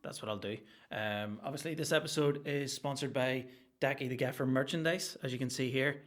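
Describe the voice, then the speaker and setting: A man hosts a solo comedy podcast from a home room with a green screen, his mid-range, fairly bright voice moving a little fast. He rambles and jokes, swearing a lot.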